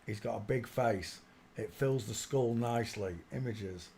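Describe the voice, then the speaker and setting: A man's voice: on the low side, unhurried, slight background noise. Man muttering over a livestream. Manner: mutters quietly to himself, with loud laughing outbursts. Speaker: livestream host. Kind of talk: casual commentary while searching images.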